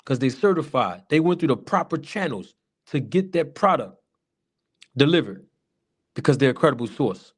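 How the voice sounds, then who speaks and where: A man's voice: mid-range voice, sing-song, moderate pace, slightly rough. A man giving casual livestream commentary, chatty and repetitive, talking to his chat viewers. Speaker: boxing commentary streamer.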